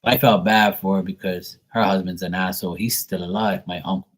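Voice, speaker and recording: Profane rambling storyteller, deep-ish man. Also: fairly even intonation, a little fast, breathy edge. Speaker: tarot reader, show host. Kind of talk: casual storytelling.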